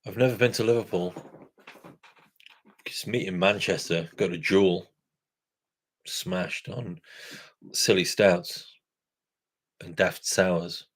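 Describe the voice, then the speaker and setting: A craft beer channel host speaks slowly in a low, steady voice, pausing often. He rambles casually with his viewers, chuckling and correcting himself as he goes.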